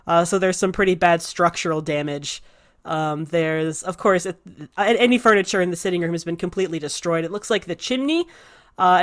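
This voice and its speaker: Relaxed woman game master, low voice. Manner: relaxed, with many "uh" and "um" fillers. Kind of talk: narrating a tabletop game.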